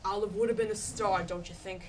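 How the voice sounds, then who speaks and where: A teenage girl plays a cold male mob boss who threatens in a flat, quiet voice. The recording is an amateur stage capture with clear hiss underneath. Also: mid-range voice, brisk, close to an everyday voice. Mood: suspicious. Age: teens.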